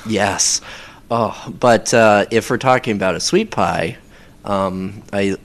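A man chatting casually as a podcast guest, rambling with many pauses and fillers. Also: on the low side. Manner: rambling, hesitant, lots of ums. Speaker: voice actor guest.

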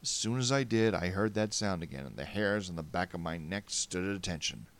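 A man narrating a first-person story in a wry, animated way. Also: deep voice, a little fast.

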